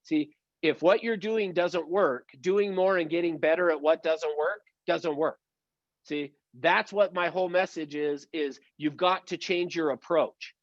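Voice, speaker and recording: An upbeat male sales trainer leads an online session in a high, emphatic voice. His coaching tone pushes listeners to practise and change. The sound is dry and close, with a slightly dull, lo-fi quality. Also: unhurried, no echo. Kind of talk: motivational online training talk.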